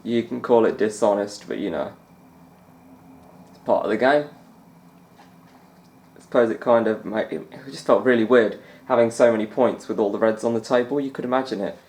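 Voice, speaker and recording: A man's voice: fairly low pitch, moderate pace, long pauses, darkish tone, echoey room. A young man chatting casually over a snooker game as a gaming YouTuber, rambling and laughing often. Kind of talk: let's-play commentary.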